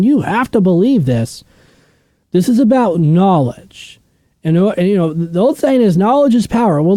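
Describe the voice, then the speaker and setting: Blunt, animated man teaching Bible study. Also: sits high, no echo. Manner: blunt, opinionated, asks and answers his own questions. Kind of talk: casual unscripted teaching.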